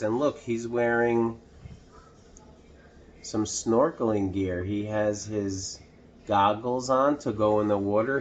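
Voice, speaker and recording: A man reading a picture book aloud to children, pausing to ask the listener questions. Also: medium pitch, fairly bright tone, a little hiss or hum. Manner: slow, asks the listener questions. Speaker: children's storytime reader.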